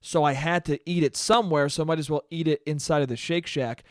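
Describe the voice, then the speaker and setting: A man hosting a solo podcast, ranting in a profane, exasperated way with sudden loud spikes. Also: on the high side, steady tone, quick pace, clear, resonant tone, no echo, clean studio sound. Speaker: podcast host.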